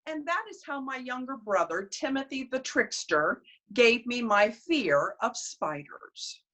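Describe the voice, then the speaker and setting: A woman storyteller telling family tales and folk tales in an expressive, animated way. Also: on the high side, a little slow. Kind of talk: storytelling performance.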